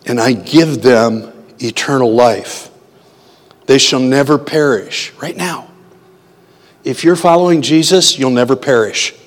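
A man's voice: mid-range voice, unhurried. A man preaching a sermon in a conversational way, often asking his listeners questions. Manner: conversational, asks the audience questions. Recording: long hall reverb.

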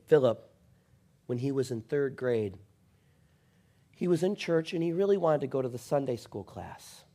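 A man preaching a sermon, swinging from passionate, shouted refrains down to a soft, intimate storytelling voice. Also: medium pitch. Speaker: pastor.

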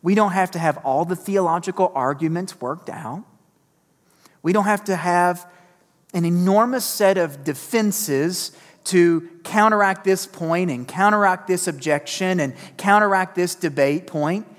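A man preaching a sermon as pastor, energetic and emphatic, repeating key phrases and slipping in self-deprecating asides. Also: high-pitched, unhurried. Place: church sanctuary. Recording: long reverb of a church hall.

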